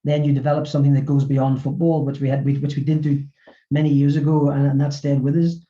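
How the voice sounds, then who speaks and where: A middle-aged man speaks quickly in a webinar interview, stumbling over repeated words as he goes. His voice is deep and mellow, and it comes through a muffled, lo-fi recording. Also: little pitch movement. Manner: halting, with many repeated words. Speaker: author and former physiotherapist.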